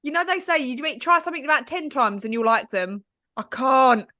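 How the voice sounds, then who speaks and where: A woman's voice: high-pitched, brisk, pushed and bright, dry recording, clean studio sound. A woman co-hosting a podcast, telling a story in casual chat and acting out what people said. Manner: chatty, self-mocking storyteller who acts out quotes. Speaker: podcast co-host. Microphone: studio microphone, on camera.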